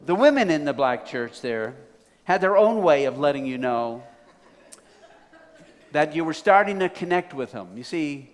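Folksy preacher in a reverberant church. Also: male voice, a little high, normal speed. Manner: folksy, building to excited. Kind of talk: sermon storytelling. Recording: reverberant hall.

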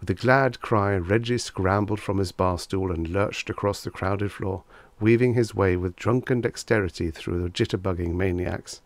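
Low-voiced male audiobook narrator. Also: fairly even intonation, normal speed, no room sound. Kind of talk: vintage short story narration.

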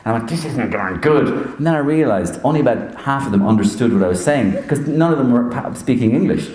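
A man with an Irish accent, a comedian and impressionist telling a lively, animated stand-up story to a university audience. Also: mid-range voice, fast talker, echoey room, poor audio. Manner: lively, animated, jumps into voices. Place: university lecture hall.

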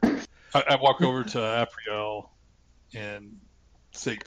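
A man playing a tabletop game, speaking in a slow, measured way. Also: on the low side, fairly even intonation, fairly bright tone, rough recording. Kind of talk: casual role-play chat.

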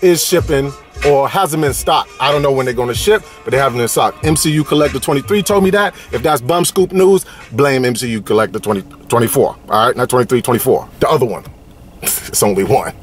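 A Californian man hosts a laid-back toy-hunting vlog, trading playful, slang-heavy banter in a sing-song delivery. His mid-range voice moves a little fast over faint background music. He's a toy collecting vlogger.

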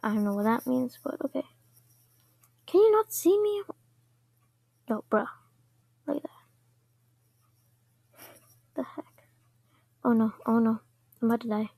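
A woman giving casual commentary over her own gameplay, chatting to herself and often dropping into quiet whispers. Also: a little high, fairly even intonation, moderate pace, gravelly, long pauses, breathy edge, no echo.

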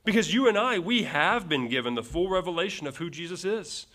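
A man preaching a sermon in a slightly higher-than-average voice. He talks earnestly, repeats key phrases and often ends a point with a rhetorical question to his listeners. Small restarts run through his delivery. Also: animated, brisk, a bit bright. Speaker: pastor. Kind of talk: verse-by-verse sermon.

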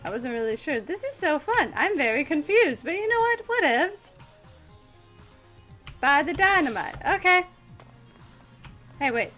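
Very high-pitched excitable young woman. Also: a little slow, long pauses, soft background music. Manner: excitable, playful, self-mocking. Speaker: gaming channel host. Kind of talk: let's play commentary.

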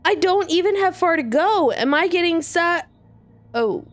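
A woman reads a visual novel aloud on a let's play, high-voiced and full of dramatic rises and falls. She takes her time and gives each line an expressive, theatrical reading. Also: a little slow, no room sound.

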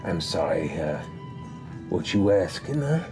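A man's voice: sits low, big pitch swings, a little slow, music in the background, voice pushed down. A man voicing a mischievous one-eyed male tavern patron, sly and evasive in his replies.

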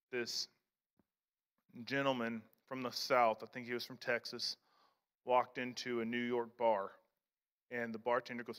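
A man's voice: mid-range voice, pushed and bright, clear, resonant tone, in a large hall. A man preaching a sermon as pastor in a church, talking in a conversational way with repeated phrases and restarts. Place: church sanctuary.

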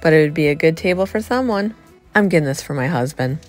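A middle-aged woman chatting excitedly to viewers as she shops a thrift store, filming on a handheld phone. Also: deep voice, fast, faint music behind. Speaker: vlogger. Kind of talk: casual thrift-store vlog chat.

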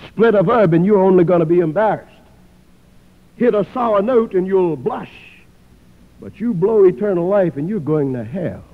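Dramatic preacher man, lively pitch swings. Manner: dramatic preaching, swinging from loud declarations to hushed pleas. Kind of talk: sermon. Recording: phone-like old recording with long hall reverb.

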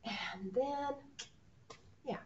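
A woman teaching preschoolers, talking gently and encouragingly to small children and leading a sing-along. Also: high voice, drawn-out words, highs cut off, slight background noise.

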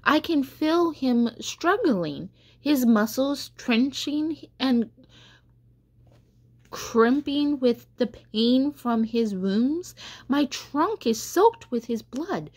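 A woman's voice: medium pitch, expressive, slow pace, a little mellow, husky. A woman voicing a proud young male tree, anxious and pleading as he wonders aloud in a storybook. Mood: agitated.

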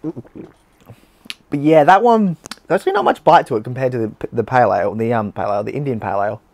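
A man's voice: mid-range voice, expressive, brisk, vocal fry, a little mellow. An Australian man hosting a casual beer-tasting vlog, chatty and blunt, with slang and swearing.

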